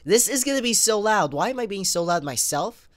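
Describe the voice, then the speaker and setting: A young man giving let's play commentary, excitable, talking straight to viewers and grumbling at the game, with fits of sneezing and coughing. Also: sits high, a little fast, no echo, clean studio sound. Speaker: gamer.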